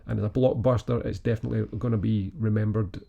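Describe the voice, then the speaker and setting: Male podcast co-host, dark gravelly voice, easygoing chat. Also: fairly low pitch, fast talker, highs cut off. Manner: relaxed, chuckles often, many fillers. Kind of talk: casual film review chat.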